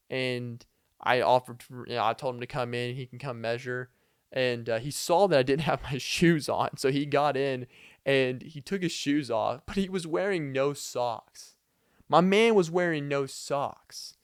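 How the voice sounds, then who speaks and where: Smooth-voiced young man telling rambling stories. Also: medium pitch, no room sound, studio quality. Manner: loose, filler-heavy, chuckling asides. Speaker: podcast host. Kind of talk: rambling comedic storytelling.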